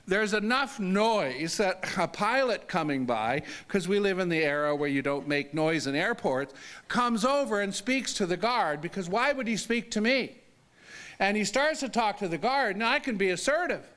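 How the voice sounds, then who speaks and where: Man, high voice, smooth and resonant, earnest storytelling talk, halting restarts. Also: animated, bright, forceful tone. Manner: earnest, halting restarts, pitch rising sharply when emphatic. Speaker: disability advocate and lecturer.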